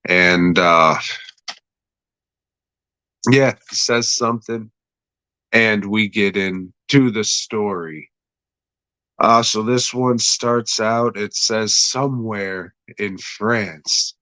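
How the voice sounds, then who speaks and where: A man's voice: fairly low pitch, very slow, long pauses, sharp tone, no echo. A man casually recapping a horror episode, swearing freely, chuckling and correcting himself as he goes. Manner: profane, offhand, self-correcting, chuckling. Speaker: horror show reviewer.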